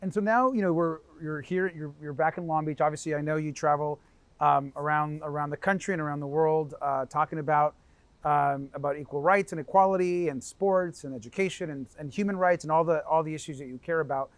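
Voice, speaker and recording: A man's voice: fairly high pitch, steady tone, brisk. A man interviewing a guest, asking casual questions and eagerly echoing her answers.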